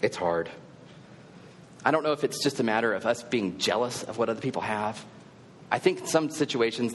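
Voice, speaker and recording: A man's voice: fairly low pitch, big-room sound, slight background noise. A male preacher giving a sermon in a conversational, earnest storytelling manner.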